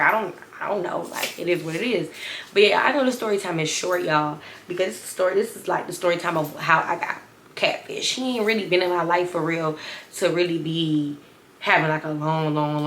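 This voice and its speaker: A woman's voice: on the low side, fairly bright tone, a little hiss or hum. A woman vlogger chatting through a story time, rambling and talking straight to her viewers. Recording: roomy, echoey room.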